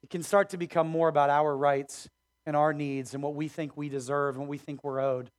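Male pastor, sermon, high voice, emphatic, conversational, church auditorium. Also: level tone, brisk, clear, resonant tone.

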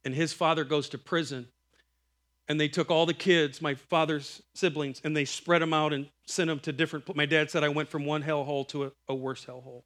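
A man's voice: fairly high pitch, brisk. A middle-aged man preaching a sermon, telling family stories and acting out the voices in them. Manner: animated, acts out quoted voices, breaks into laughter. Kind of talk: sermon storytelling.

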